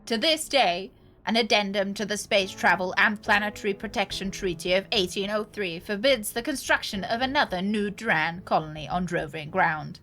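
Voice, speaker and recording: A woman voicing a formal female TV news anchor in a game, reading a news segment in a measured newsreader manner. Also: medium pitch, a bit bright, close to an everyday voice.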